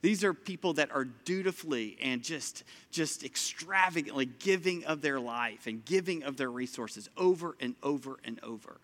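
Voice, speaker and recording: A man preaching a sermon from a church stage in a lively, conversational way, talking straight to the congregation. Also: on the high side, normal speed, few pauses. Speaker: pastor. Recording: long hall reverb.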